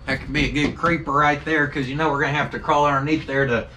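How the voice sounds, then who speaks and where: Folksy man, somewhat high voice. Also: level tone, quick pace, sharp tone, slight background noise. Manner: folksy, joking, country slang. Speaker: shop owner and channel host. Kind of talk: casual vlog commentary. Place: outdoors behind a workshop, by a carport.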